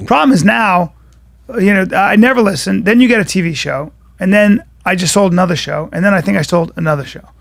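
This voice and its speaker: A man in casual podcast talk with a somewhat high, gravelly voice that cracks into fry. He is wisecracking, and the close mic gives a dry sound with no room. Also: fairly quick, dry recording. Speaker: podcast host, comedian. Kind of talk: casual chat.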